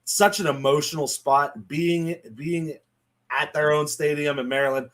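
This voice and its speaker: Here a male co-host jokes and laughs his way through college football picks in relaxed sports betting banter. The voice is on the high side and a bit bright, with a steady tone and a measured pace.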